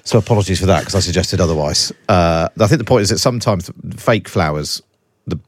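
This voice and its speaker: A man's voice: low-pitched, brisk, slightly rough, dry recording, studio quality. A man hosting a radio talk show, hesitant and full of fillers. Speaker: radio presenter. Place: radio studio. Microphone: studio mic.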